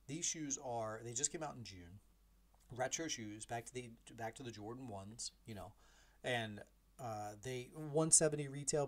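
A podcast host in his forties, with a medium-pitched voice, tells a personal story. He's casual and animated, acting out the dialogue and tossing in self-deprecating asides.

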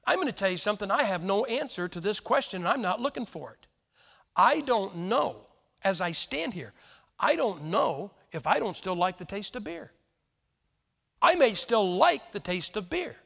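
A man's voice: high-pitched, big pitch swings, moderate pace, gravelly, fairly bright tone. A man in his sixties preaching a folksy sermon, joking and firing rhetorical questions at the congregation. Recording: long hall reverb.

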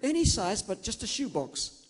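A man's voice: sits high, big pitch swings, normal speed, pitched above the performer's own voice. A man voicing an eight-year-old girl who is insistent and secretive, in a children's story told aloud. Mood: determined.

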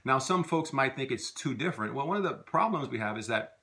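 A man teaching a video language lesson, patiently repeating phrases slowly for learners to copy. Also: mid-range voice, lively intonation, pushed and bright.

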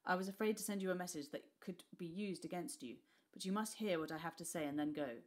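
A woman voicing a frightened, weary Tudor father who speaks in an urgent, hushed voice. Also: fairly low pitch, quick pace, close to an everyday voice.

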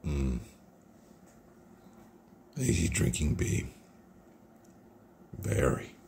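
A middle-aged man from Australia rambles through a casual beer review in his home computer room. His voice sits very low and carries a gravelly edge. He speaks slowly, and a faint hiss runs under the recording. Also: warm tone. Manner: rambling, chatty and informal.

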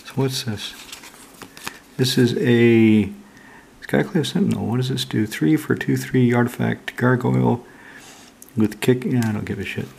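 A man's voice: medium pitch, unhurried, creaky, pauses often, darkish tone, slight background noise. A man chatting casually and bluntly while opening his mail, rambling and swearing freely. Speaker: card collector opening mail. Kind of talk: casual chat.

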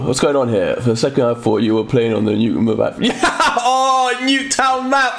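A man giving excitable live commentary while streaming a game, often shouting and exclaiming. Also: on the high side, normal speed, few pauses, faint music behind. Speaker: gaming streamer.

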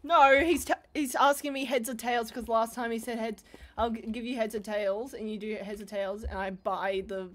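High-voiced woman streamer, mumbling to screaming. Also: fairly even intonation, normal speed. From Australia. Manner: loud, swings from mumbling to screaming; swears freely, self-mocking. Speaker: livestreamer. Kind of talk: casual streaming chat.

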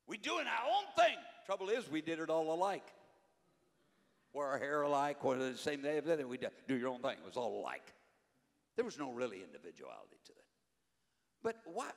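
An older man preaching a sermon, fervent, rising to shouts and dropping low. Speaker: conference preacher. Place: church sanctuary. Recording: long hall reverb, faint music behind.

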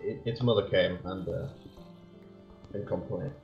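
A man's voice: low voice, steady tone, measured pace. A man co-hosting a let's play, trading dry, absurd jokes in casual banter. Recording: roomy lo-fi sound with faint music.

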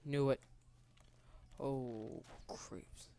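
A man's voice: medium pitch, steady tone, very slow, creaky, dark tone. A man giving casual gameplay commentary in nervous, rambling remarks. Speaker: gamer.

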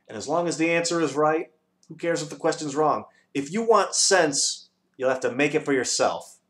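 A man voicing a pedantic, number-obsessed male dodecahedron in a storybook reading, lecturing precisely and bursting into shouts. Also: a little high, normal speed, pitched above the performer's own voice, natural voice. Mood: excitable, lecturing.

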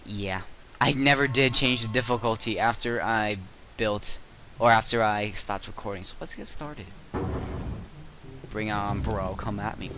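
A teenage boy giving casual gameplay commentary at his computer, cursing and yelling in sudden frustrated outbursts. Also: on the low side, low-quality recording. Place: bedroom at a computer.

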